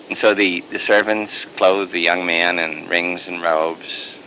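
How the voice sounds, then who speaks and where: A priest telling a story in a sermon, animated and repeating words in bursts. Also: male voice, low voice, a little slow, few pauses, slight background noise, low-quality recording.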